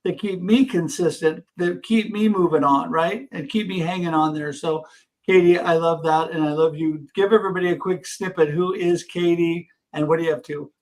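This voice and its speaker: A man's voice: fairly high pitch, steady tone, normal speed, a little mellow, low-quality recording. A man in his fifties hosting a livestream chat on a video call, effusive and full of praise for his guests. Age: 50s. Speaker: livestream host. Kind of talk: upbeat casual chat.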